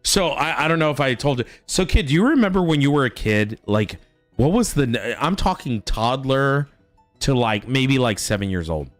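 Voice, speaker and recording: A man's voice: medium pitch, normal speed, dry recording, faint music behind. A man streaming a game, telling stories about his toddler in a casual, swearing chat. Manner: animated storytelling, swearing. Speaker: father.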